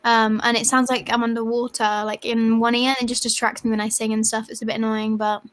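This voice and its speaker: A woman's voice: a little high, flat delivery, quick pace, a bit bright. A young woman chatting as a singer guest on a livestream, hesitant and full of filler words. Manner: hesitant, lots of 'like' and 'um'. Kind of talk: casual livestream chat.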